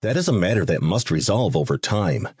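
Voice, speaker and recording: Male narrator playing a curt vampire king, husky and low, impatient with his duties. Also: very animated, a little fast, darkish tone, no room sound, studio quality, full character voice. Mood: formal. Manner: blunt, curt and exasperated.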